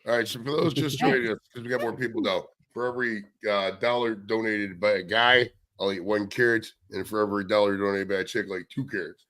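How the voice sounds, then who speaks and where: A man's voice: fairly low pitch, fairly even intonation, fast talker, fairly bright tone, no room sound. A man hosting a livestream, ranting and swearing in casual chat. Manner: profane, ranting. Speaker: livestream host.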